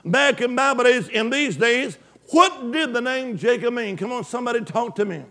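Man, very high voice, preacher, fervent call-and-response sermon, loud then hushed. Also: animated, normal speed. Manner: swings from loud exclamations to hushed asides.

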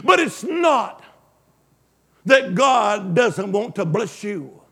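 Man, very high voice, preacher, fervent call-and-response sermon, loud then hushed. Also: animated, drawn-out words, slightly rough. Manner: swings from loud exclamations to hushed asides.

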